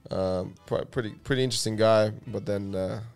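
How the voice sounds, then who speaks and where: Male stunt performer, low-pitched voice, rambling storyteller, casual podcast chat. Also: a little fast, smooth. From Latvia. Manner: rambling, restarts, animated storytelling.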